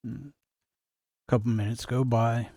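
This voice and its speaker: A man narrating as game master in a tabletop game, relaxed and pausing with fillers. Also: mid-range voice, dry recording, studio quality.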